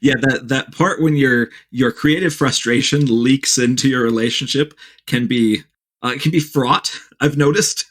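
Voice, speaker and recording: A man hosting a podcast interview, chatting in a relaxed, conversational way and thinking aloud. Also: medium pitch, measured pace. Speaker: podcast host. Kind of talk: casual interview chat.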